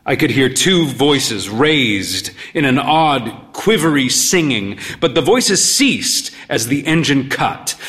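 A man narrating a story as a world-weary pub owner, in a dry, unhurried way. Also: medium pitch, fairly bright tone. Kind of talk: storytelling reading.

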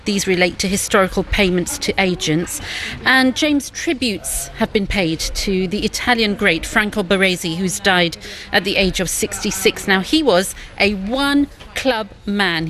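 Woman sports reporter, news broadcast, crisp informative read. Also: medium pitch, fairly bright tone.

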